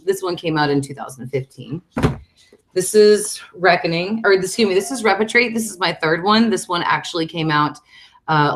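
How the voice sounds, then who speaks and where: A middle-aged American woman hosting a casual live stream at home, an excitable author chatting about her books. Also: a little hiss or hum. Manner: chatty and excitable, breaking off to call her dog in a high coaxing voice. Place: room at home.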